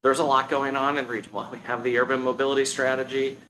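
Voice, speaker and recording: A man giving a halting presentation to a public commission, with many fillers and restarts. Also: medium pitch, level tone, bright, forceful tone, a little hiss or hum, poor audio. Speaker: staff presenter. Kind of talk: meeting presentation. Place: public meeting room.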